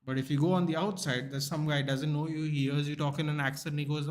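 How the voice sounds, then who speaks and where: A man's voice: on the high side, fast. A young man, talking bluntly and swearing often as he chats with viewers on a live stream. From India. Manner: blunt and animated, swears often, calls people dude. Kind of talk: casual live-stream chat.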